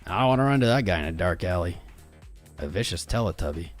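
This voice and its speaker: A man's voice: deep voice, animated, quick pace, faint music behind. A male livestream host in casual chat, bantering and greeting viewers one by one by name. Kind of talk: casual live-stream chat.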